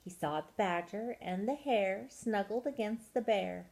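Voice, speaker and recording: A woman reading a children's picture book aloud at storytime, expressive and drawing out soft words. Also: mid-range voice, measured pace, creaky, poor audio. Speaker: storytime reader.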